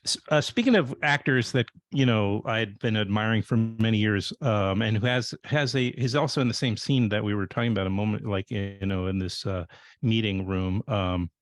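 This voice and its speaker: Halting male interviewer, dry sound. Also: fairly low pitch, no echo. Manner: rambling, halting questions with many restarts. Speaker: interview host. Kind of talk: casual interview chat.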